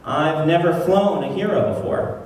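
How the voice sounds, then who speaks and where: A man's voice: fairly high pitch, normal speed, darkish tone, close to an everyday voice. A man voicing an eager young female shuttle pilot with a put-on Southern accent, reading aloud in a distant, echoey hall.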